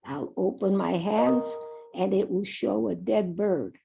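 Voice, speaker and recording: A woman's voice: mid-range voice, slow pace, gravelly, music in the background. A woman voicing a cocky, scheming teenage boy within a story she tells at a commencement. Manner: smug, plotting.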